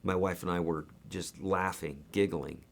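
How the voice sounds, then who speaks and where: A man's voice: sits low, steady tone, unhurried. A man teaching a live guitar lesson in a casual, chatty way, his voice tired and worn, counting beats aloud.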